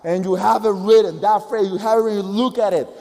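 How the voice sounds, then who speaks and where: A man with a Spanish accent, a native Spanish speaker, giving an energetic, emphatic and repetitive motivational speech as a business coach. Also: high voice, quick pace, vocal fry, big-room sound.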